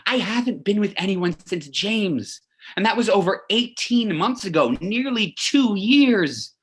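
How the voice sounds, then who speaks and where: A man's voice: sits high, animated. An actor playing a lonely, lovesick man who rambles and confesses in a video message to his mother, in a theatrical monologue. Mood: pleading. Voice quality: gushing, rambling, quick to confess. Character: lovesick, lonely, chatty young man in lockdown.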